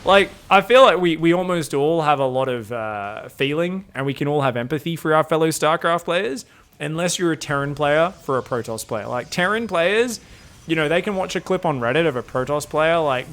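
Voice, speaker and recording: Slightly high-voiced, rambling, profane male caster. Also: fairly bright tone. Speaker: game streamer and caster. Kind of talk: casual game commentary.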